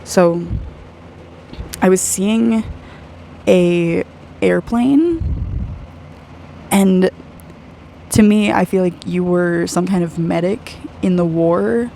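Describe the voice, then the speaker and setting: An aura reader giving a personal spiritual reading to one client, gushing and effusive, soft and earnest, often saying "like". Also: medium pitch, drawn-out words, creaky, long pauses, slight background noise, rough recording. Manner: gushing and effusive, heavy use of "like".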